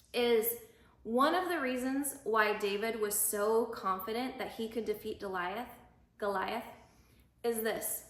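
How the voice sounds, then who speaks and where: A woman's voice: fairly high pitch, fairly bright tone. A young woman coaching, retelling a Bible story in a chatty, filler-heavy way and acting out quotes in voices. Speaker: faith and life coach. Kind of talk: casual Bible storytelling talk. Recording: echoey room.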